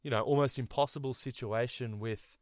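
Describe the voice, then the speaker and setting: A young Australian man talking films with his co-host. He is easygoing but pushes back, with a teasing edge, at a medium pitch. His voice sounds close and dry. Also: steady tone, a little fast, dry recording. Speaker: podcast co-host. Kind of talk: casual film discussion.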